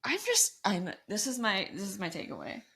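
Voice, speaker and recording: A young adult woman co-hosting a podcast, chatting casually and telling stories with animated sarcasm. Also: medium pitch, moderate pace, creaky, slightly rough. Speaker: podcast co-host. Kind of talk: casual chat.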